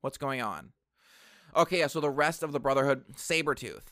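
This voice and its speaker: A man casually reviewing a film on camera, rambling and excitable, with lots of fillers and asides. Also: medium pitch, moderate pace, dry recording, clean studio sound. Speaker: movie reviewer. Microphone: camera mic.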